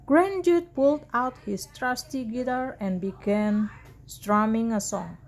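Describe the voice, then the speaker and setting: A woman's voice: fairly high pitch, a little slow. A woman reading a picture book aloud, voicing the characters with lots of expression. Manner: animated read-aloud with voiced dialogue. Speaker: storybook reader.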